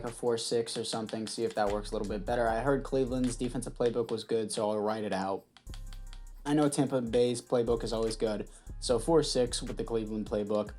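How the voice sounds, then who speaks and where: A man's voice: mid-range voice, mellow. A young man giving casual, sarcastic commentary over a sports video game to his viewers, on a headset mic. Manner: offhand, sarcastic, talks to viewers. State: throat catching, clearing throat. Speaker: gaming YouTuber.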